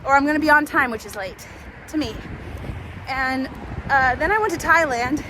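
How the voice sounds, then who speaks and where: Strolling along a noisy city street, a vlogger with a high voice rambles through a long personal tale at a moderate pace. She's chatty, using lots of fillers like "um" and frequently starting over.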